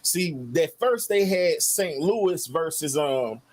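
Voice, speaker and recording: A man's voice: fairly high pitch, lively intonation, slow pace, a little mellow, poor audio. A man from Chicago, a battle rapper guest, telling stories in a loose, conversational way during a sit-down interview.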